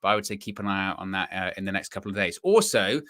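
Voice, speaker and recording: A young man hosts a casual football live stream, trading banter and reminding viewers to like and subscribe. His voice is bright and clear, and the sound is dry and close. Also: low-pitched, animated, fast, no room sound. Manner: chatty, banters and plugs the channel. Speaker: host of a football fan show.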